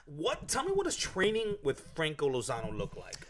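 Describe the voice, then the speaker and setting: A man hosting a casual podcast interview, joking and teasing his guest, often chiming in with quick agreement. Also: a little high, wildly swooping pitch, a bit bright. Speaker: podcast host.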